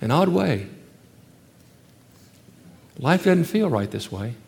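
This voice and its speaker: A pastor delivers a sermon in a large hall, his light, high-pitched voice gravelly and sing-song as he moves at a slow pace. He preaches emphatically, swelling into loud rhetorical questions, then sinking into soft, hushed passages.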